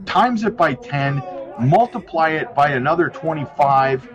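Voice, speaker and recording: A man delivers loud, excited hype in a played clip. His voice sits slightly high, with music clearly audible underneath. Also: a little slow, muffled recording.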